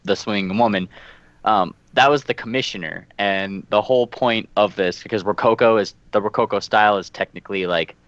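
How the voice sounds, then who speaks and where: A young man joining a podcast as a guest, chatting excitedly and swearing casually. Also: lowish voice, fairly quick, dry recording, lo-fi sound. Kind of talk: casual chat.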